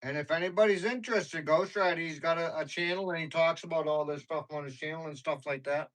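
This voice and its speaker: This livestream host talks fast in a fairly bright, somewhat high male voice, and the audio is rough. He chats loosely with his viewers, wandering through stories full of slang and frequent laughter.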